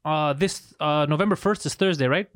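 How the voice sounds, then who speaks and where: A man hosting a podcast in casual chat, teasing and swearing freely in quick banter. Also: a little high, dry recording, clean studio sound. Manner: teasing, profane, fast banter. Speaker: podcast host and comedian.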